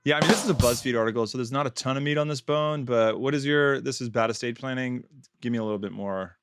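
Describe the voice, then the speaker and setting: A man's voice: mid-range voice, quick pace, clean tone. A man co-hosting a casual podcast chat, joking and sarcastic, laughing often. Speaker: podcast co-host.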